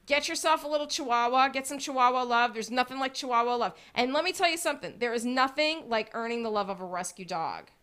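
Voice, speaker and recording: A woman's voice: fairly high pitch, fast talker, few pauses, pushed and bright, clean tone. A woman co-hosting a radio show, chatting eagerly with plenty of filler words. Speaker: co-host. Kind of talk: casual radio chat.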